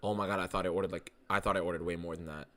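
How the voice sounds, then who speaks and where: A young man hosting a live fight watchalong stream, talking casually and excitedly, swearing a lot and reading out viewer messages. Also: low-pitched, very fast. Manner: excitable, profane, reads chat aloud.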